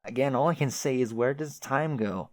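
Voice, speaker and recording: A man's voice: mid-range voice, normal speed, a little mellow, no echo, lightly acted. A man voicing a chatty, oblivious young male adventurer who rambles with old-fashioned folksy exclamations. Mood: apologetic.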